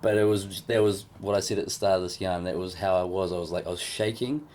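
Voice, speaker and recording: A man chatting on a podcast in a somewhat low voice. He tells his story in a loose, rambling way, filling it with "like" and "you know." He is frank and swears without thinking about it. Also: steady tone, fast talker, darkish tone. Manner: rambling, filler-heavy storytelling. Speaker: podcast co-host. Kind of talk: casual podcast chat.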